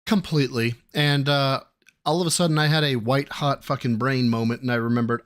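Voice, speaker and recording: A man hosting a casual live-stream reaction chat. He talks in a profane, theatrical and exasperated way, with sudden loud outbursts. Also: mid-range voice, steady tone, moderate pace. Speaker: host.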